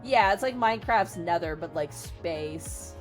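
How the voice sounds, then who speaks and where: A young woman streamer casually retelling a story, animated and full of filler words and swearing. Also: on the low side, a little slow, faint music behind.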